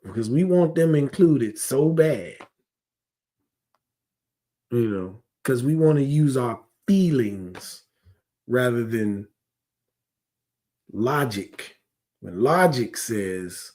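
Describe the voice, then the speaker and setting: A man's voice: mid-range voice, very animated, slow pace, pauses often, a little mellow. A man teaching a scripture class in a heated, conversational way, often asking rhetorical questions and drifting into digressions.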